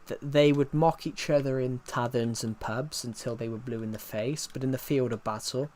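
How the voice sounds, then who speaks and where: A man's voice: mid-range voice, steady tone, moderate pace, few pauses, darkish tone. A man, chatting casually on a live stream, answering chat with many fillers and restarts. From England.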